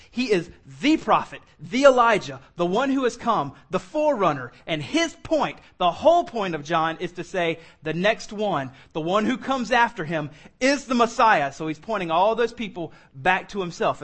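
A man's voice: high-pitched, big pitch swings, normal speed, fairly bright tone. A man preaching a conversational sermon to a room, teaching verse by verse and adding joking asides. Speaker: pastor. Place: church room.

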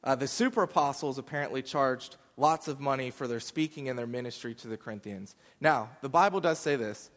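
A man's voice: medium pitch, fairly quick, few pauses, a bit bright, in a large hall. A man giving a sermon, explaining scripture in a conversational way with fillers. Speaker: pastor. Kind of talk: sermon teaching.

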